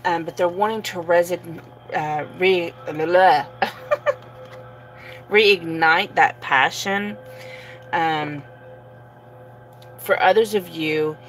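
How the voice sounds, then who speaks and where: A woman giving a casual tarot reading, relaxed and sleepy, with many fillers and soft laughs. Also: low-pitched, a little hiss or hum, rough recording. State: sleepy, yawning. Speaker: tarot reader.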